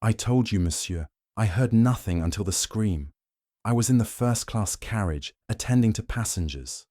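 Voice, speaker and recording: Man playing nervous train conductor, audiobook, hesitant, anxious, low voice, dry. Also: animated, moderate pace, mellow, no room sound.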